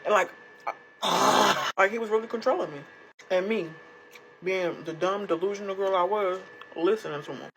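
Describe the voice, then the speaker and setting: A woman's voice: mid-range voice, moderate pace, heavy background noise. A young woman sharing a personal story casually to her followers, candid and blunt, swearing freely. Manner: candid, blunt, profane, emotionally raw. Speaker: storytime creator.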